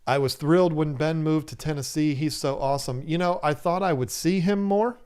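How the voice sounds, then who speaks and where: A man's voice: a little high, fairly quick, a little mellow, smooth. A man hosting a casual livestream, reading viewers' chat comments aloud and joking with them, laughing often. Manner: laughs often and talks animatedly. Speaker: livestream host of an aquarium channel.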